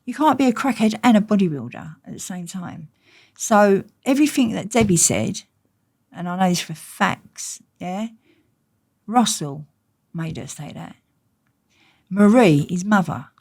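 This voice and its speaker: A woman's voice: mid-range voice, animated, a little slow, darkish tone, breathy edge. A woman with an Essex accent, an interview guest telling stories bluntly and swearing freely. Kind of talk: candid casual storytelling.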